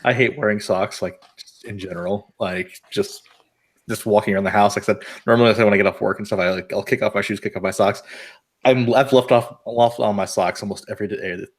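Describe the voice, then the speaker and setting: A man's voice: fairly low pitch, fairly even intonation, fairly quick, husky. A man from the US West Coast hosting a casual live-streamed podcast, rambling and restarting his sentences. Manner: rambling, repeats words and restarts. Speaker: podcast host.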